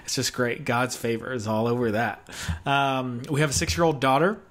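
A man's voice: medium pitch, steady tone, normal speed, fairly bright tone. A man in his thirties from the American South, giving a casual, joking video sermon as a guest pastor. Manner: jokey, chatty, self-deprecating.

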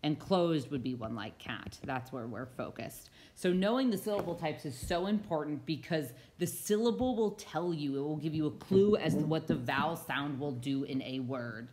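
A woman's voice: deep voice, expressive, normal speed, few pauses, darkish tone, slight background noise. A woman teacher narrating a slideshow reading lesson, patiently explaining and sounding out words.

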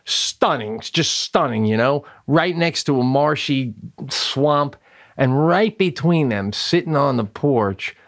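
Animated, swooping comedic male storyteller. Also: mid-range voice, takes it slowly, no echo, clean studio sound. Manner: animated storyteller, profane, big swings into acted voices. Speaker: podcast co-host. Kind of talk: casual comedic chat.

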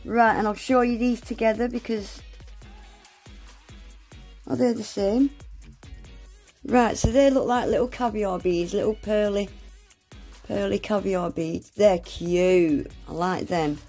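A woman's voice: mid-range voice, steady tone, takes it slowly, pauses often, warm tone, faint music behind. A woman unboxing nail art supplies in a gushing, exclamatory manner, often gasping. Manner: gushing, exclamatory, lots of gasps and "oh my gosh". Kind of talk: unboxing vlog, casual chat.

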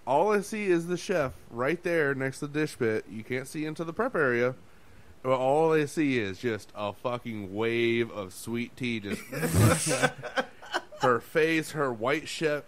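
A man's voice: medium pitch, unhurried. Profane man telling a kitchen story. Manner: profane, laughing, acts out quotes. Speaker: podcast co-host. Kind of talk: casual storytelling chat.

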